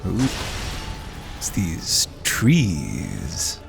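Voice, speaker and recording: A man's voice: low-pitched, huge pitch swings, drawn-out words, creaky. A man with hiccups giving wry, profane let's-play commentary over faint game music. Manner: wry, profane, mumbled asides. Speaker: gamer playing through a story.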